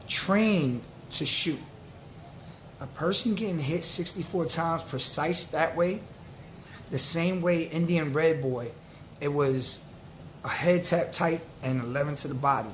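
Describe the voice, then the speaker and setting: A man, talking straight to camera in an animated, slang-heavy style. His voice sits a bit high for a man. A faint hum of noise runs underneath. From New York. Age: 40s. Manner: animated, slangy, streetwise storytelling. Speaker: vlogger. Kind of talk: casual storytelling to camera.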